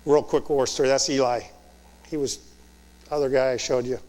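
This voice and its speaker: In a large hall full of long reverb, a man in his fifties who commands troops speaks to officer students about leadership. His medium-pitched voice is flat, a little fast and darkish in tone, and his direct, motivating talk is punctuated by rhetorical questions and "Okay?"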